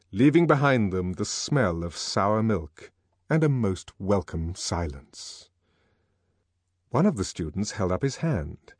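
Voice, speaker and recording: Guy reading a novel aloud, big lively pitch swings, dry close sound. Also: husky, dry recording. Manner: measured, expressive storytelling. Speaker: audiobook narrator. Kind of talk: scripted narration.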